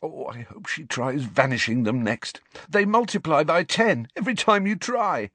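A cheeky teenage prankster, put on by a male storyteller, with a raised, lively voice and a cheerful manner. The recording is dry and close. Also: fairly high pitch, moderate pace, no echo, voice pushed up.

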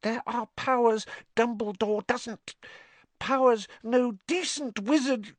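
A man's voice: slow, no room sound. A man voicing a small, anxious, servile male house-elf who pleads and speaks of himself in the third person, in an audiobook. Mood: urgent hush. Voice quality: squeaky, high and breathy. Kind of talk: audiobook character voice.

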